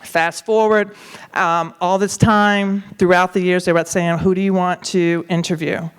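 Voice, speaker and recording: A woman's voice: lowish voice, unhurried, smooth. A woman talk show co-host telling a story in a conversational way, acting out the voices she quotes. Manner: animated, acts out quoted voices.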